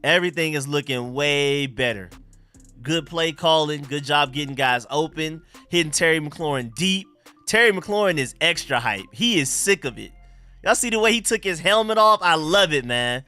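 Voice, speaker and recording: A young man hosts a live sports reaction stream, hyped up and using slangy street talk, repeating phrases as he reacts to the game. His voice is on the high side, bright and forceful, at a normal pace, with faint music behind him.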